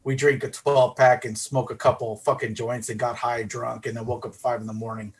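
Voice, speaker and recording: A middle-aged man co-hosting a podcast, telling a rowdy story in a casual, profane and animated way. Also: mid-range voice, brisk. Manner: animated, profane, acts out his own voice in quotes. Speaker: podcast co-host.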